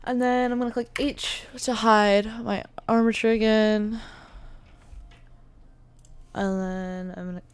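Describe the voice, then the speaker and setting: A woman's voice: mid-range voice, little pitch movement, slow pace, pauses often, clean tone. A woman giving a casual screen-recorded tutorial, chatty and thinking aloud with many fillers, with the hiccups. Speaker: 3D modeling tutor.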